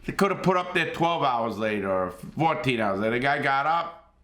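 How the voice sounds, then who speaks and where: A man's voice: mid-range voice, big pitch swings, brisk, fairly bright tone. A middle-aged man giving blunt, streetwise casual commentary as a host, swearing freely. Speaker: host reacting to gameplay.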